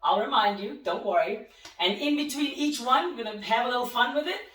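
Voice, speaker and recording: A woman boxing instructor with a high voice calls out punches and cheers on her class, a little out of breath from the work. She sounds set back from the mic, in an echoey room. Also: expressive, a little fast, a bit bright, recorded from a distance. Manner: calls out punch combinations, encouraging. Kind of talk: live workout class coaching.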